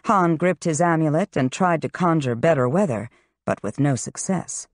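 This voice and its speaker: A woman reading a fantasy novel aloud in steady, scripted narration. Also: low voice, normal speed, no room sound. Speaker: audiobook narrator.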